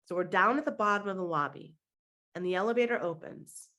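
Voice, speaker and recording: A woman's voice: medium pitch, a little fast, pushed and bright. A middle-aged woman, a mindset coach on a podcast, telling a story with animation and acting out the other people's lines.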